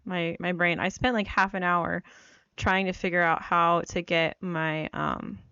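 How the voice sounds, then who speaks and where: A woman's voice: fairly low pitch, fairly even intonation, measured pace, sharp tone, clear, resonant tone, dry recording, highs cut off. Chatty woman teaching a writing tutorial. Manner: chatty, self-deprecating, many fillers. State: getting over a cold. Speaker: writing coach. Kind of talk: casual screen-share tutorial. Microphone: new microphone.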